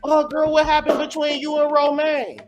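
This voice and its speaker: A man voicing a nosy young woman friend who calls to check in, in high, gossipy girl-talk. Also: flat delivery, moderate pace.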